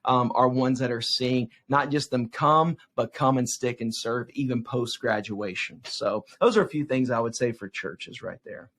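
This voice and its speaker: A man in his forties, a youth evangelist, answering interview questions as an animated storyteller who keeps checking in with "right?". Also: mid-range voice, normal speed, few pauses.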